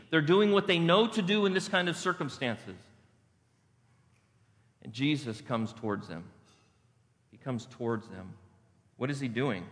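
Male pastor, sermon, emphatic and repetitive, bright tone, long hall reverb. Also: medium pitch.

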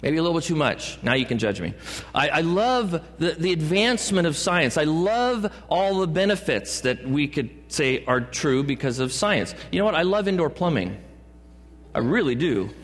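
A man's voice: a little high, sing-song, moderate pace. A man preaching a sermon as a pastor, with playful asides and jokes. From California. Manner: joking asides and playful put-on voices. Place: church sanctuary. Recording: long church hall reverb.

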